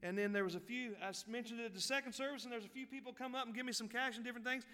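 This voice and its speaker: A man preaching a sermon, telling a folksy story, dropping to quiet asides and rising to loud, fervent peaks. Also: very high voice, steady tone, very fast, in a large hall. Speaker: pastor.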